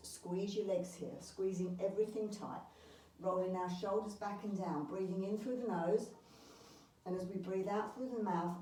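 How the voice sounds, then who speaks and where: A woman leading a beginners Pilates class, calmly talking students through each movement with the occasional filler. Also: medium pitch. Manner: calm step-by-step cueing with fillers. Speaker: Pilates instructor. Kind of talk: guided exercise class. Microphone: camera across the room. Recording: roomy far-off mic with faint ambience.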